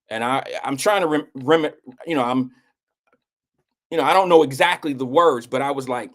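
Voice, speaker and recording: A middle-aged man hosting a live show, telling a personal story in a blunt, animated way, with casual swearing and acted-out quotes. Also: moderate pace, pauses often. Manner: animated, acts out quotes with swings in pitch. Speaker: host.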